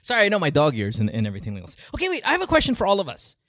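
A man's voice: a little high, huge pitch swings, rapid-fire, a bit bright, slight background noise. A young man hosting a podcast in casual chat, joking and laughing often. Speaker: podcast host.

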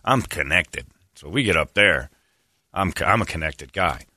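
A man hosting a podcast, telling a story comically and animatedly, jumping into high, mocking shouts. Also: animated, moderate pace, breathy edge, no room sound, studio quality. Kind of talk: comedic storytelling.

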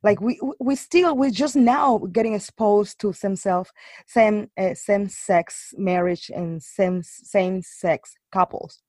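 A woman's voice: medium pitch, takes it slowly, no room sound. Chatty woman with dry close sound. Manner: animated storytelling, many fillers and restarts. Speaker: guest. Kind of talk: casual chat.

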